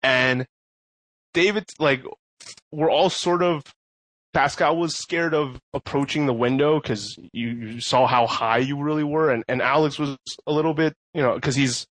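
A man's voice: mid-range voice, fairly even intonation, moderate pace, fairly bright tone, no echo. A man telling a story in a casual podcast chat, rambling with many fillers and laughing often. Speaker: podcast co-host.

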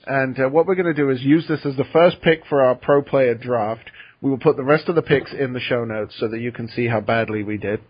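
An easygoing podcast host leads the talk from one segment to the next. His voice is a little husky, and the audio is dull and lo-fi. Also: mid-range voice, fairly quick. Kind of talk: casual chat. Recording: dull muffled call audio.

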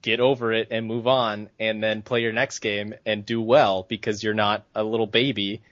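A man's voice: on the low side, flat delivery, normal speed, fairly bright tone, no echo. A man co-hosting a podcast, ranting in a heated, profane, casual way. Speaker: podcast co-host. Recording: dull, dry lo-fi sound.

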